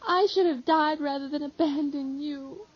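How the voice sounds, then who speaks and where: A woman's voice: fairly even intonation, measured pace, breathy edge, heavily acted. A woman voicing a weeping, remorseful young male disciple, pleading through sobs. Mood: sobbing. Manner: sobbing, pleading, high strained cries. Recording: slightly dull lo-fi audio.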